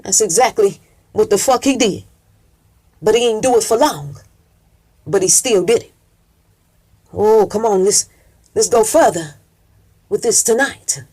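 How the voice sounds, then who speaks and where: A woman's voice: mid-range voice, expressive, measured pace, pauses often, a little mellow, breathy edge. A woman telling a story in an emphatic, preacher-like cadence, full of cursing and call-and-response. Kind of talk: profane preacher-style storytelling.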